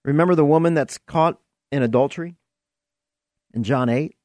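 A man's voice: a little high, moderate pace, darkish tone, no echo, clean studio sound. A man hosting a podcast, giving an earnest, emphatic preaching-style monologue with vivid storytelling. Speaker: podcast host.

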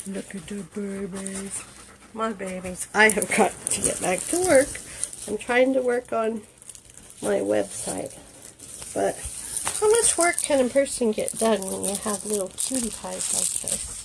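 A woman's voice: a little high, gravelly, background noise. A woman dog breeder filming a puppy on her phone at home, chatting casually and cooing baby talk with frequent laughs.

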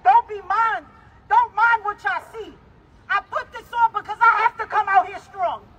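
A grieving mother with a New York accent gives a raw, emotional protest speech at an outdoor city rally. She rises to shouts and chokes up. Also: extremely high pitch, fairly even intonation, normal speed. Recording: noisy outdoor rally with crowd. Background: crowd and street traffic.

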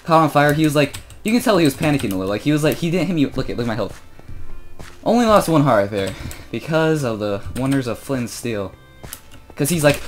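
A sixteen-year-old boy chatting casually through his own gameplay, joking about himself and growing loud and excited when he fights. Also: medium pitch, fast, soft background music. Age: teens. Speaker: gamer commentating his own play.

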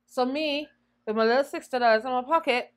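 A young woman singer, a guest in an interview, telling her story in an animated way and acting out the voices she quotes. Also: high-pitched, a little fast, clear, resonant tone. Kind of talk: conversational storytelling.

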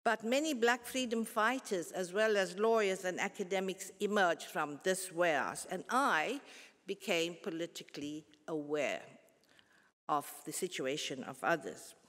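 A woman's voice: on the low side, fairly bright tone. Older woman lecturing. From South Africa. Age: 70s. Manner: measured, earnest storytelling with pauses and restarts. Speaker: guest lecturer. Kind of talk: formal public lecture. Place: large concert hall. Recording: long hall reverb.

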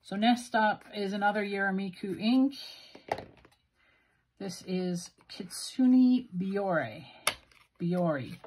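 A woman's voice: on the low side, darkish tone. A woman with a Western Canadian accent, musing aloud in a self-deprecating way as she swatches inks. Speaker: stationery video host. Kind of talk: casual narrated ink swatching.

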